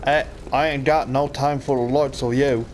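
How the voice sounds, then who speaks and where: A man putting on a gruff Cockney townsman. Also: mid-range voice, steady tone, normal speed, slight background noise, natural voice. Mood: dismissive. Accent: put-on Cockney.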